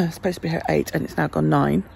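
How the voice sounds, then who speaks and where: A woman's voice: sits low, lively intonation, a little fast, gravelly, breathy edge. A woman vlogging casually, venting her frustration and swearing freely. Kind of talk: casual vlog monologue.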